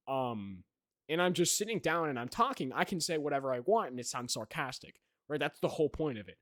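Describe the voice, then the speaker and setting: A man's voice: fairly high pitch, expressive, fairly quick, a bit bright, no echo, clean studio sound. A young man co-hosting a podcast, chatting casually and rambling, with many restarts and "right?" tags. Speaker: podcast co-host. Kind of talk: casual chat.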